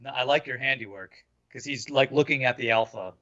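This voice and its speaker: A man's voice: mid-range voice, brisk. A man takes part in a tabletop game, laying out his character's actions at an easy pace. The audio is dull and muffled. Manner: relaxed, describes his character's moves. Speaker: player. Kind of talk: tabletop role-play.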